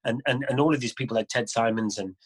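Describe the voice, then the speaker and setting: A man's voice: medium pitch, fast, husky, poor audio. A middle-aged man, a guest adventure motorcyclist, telling stories in a casual way and acting out other people's lines. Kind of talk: casual conversational storytelling.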